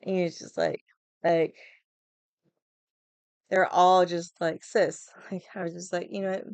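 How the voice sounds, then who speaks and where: A woman vlogger telling stories in a casual, animated way, swearing often and acting out other people's lines. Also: on the low side, measured pace, clean tone, no room sound. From Hawaii. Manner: animated, profane, laughs often, acts out quotes. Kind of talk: casual storytelling chat.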